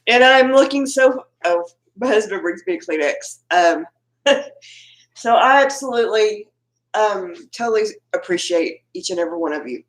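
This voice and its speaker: A woman's voice: medium pitch, expressive, unhurried, long pauses. A Texan woman hosting a casual live chat with her viewers from home, chatty and laughing often as she greets them by name. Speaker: livestream host. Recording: roomy echo.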